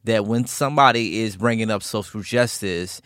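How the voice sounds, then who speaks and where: A man's voice: fairly low pitch, moderate pace, a bit bright, no echo, clean studio sound. A man co-hosting a podcast in casual chat, laughing easily and hesitating with ums and restarts. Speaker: podcast co-host.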